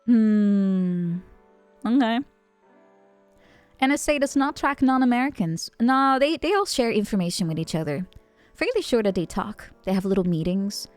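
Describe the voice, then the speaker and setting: A young woman from the Netherlands, chatting playfully with her stream chat and often jumping into high squeals. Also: normal speed, no echo, soft background music. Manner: playful, animated, jumps to squeals. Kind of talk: casual chat with chat.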